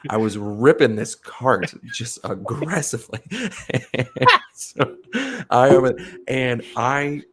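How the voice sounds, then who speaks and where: A man hosting a podcast, telling rambling, animated stories in casual chat and swearing freely. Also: mid-range voice, slow, slight background noise. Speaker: podcast host.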